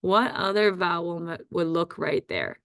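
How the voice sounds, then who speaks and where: A woman teaching a phonics dictation lesson, sounding out words slowly and deliberately. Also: on the low side, very animated, creaky, a bit bright, dry recording, clean studio sound.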